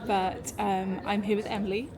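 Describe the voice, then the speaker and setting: A woman, chatting casually to camera in an upbeat vlog, her voice hoarse from coughing. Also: mid-range voice, level tone, normal speed, a crowd in the background, low-quality recording. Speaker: vlogger. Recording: loud background noise.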